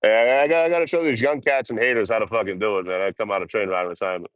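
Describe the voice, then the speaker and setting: Rapid-fire and fairly low-pitched, a young man chats profanely and laughs with his livestream audience. He's outdoors traveling by train, and the recording is dry.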